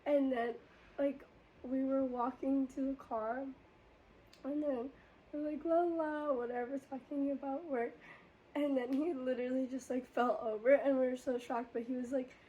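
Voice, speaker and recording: High-voiced young woman telling a story. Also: measured pace, lo-fi sound, slight background noise. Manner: animated, laughs often, acts out voices in her story. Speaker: podcast host. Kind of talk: casual storytelling chat.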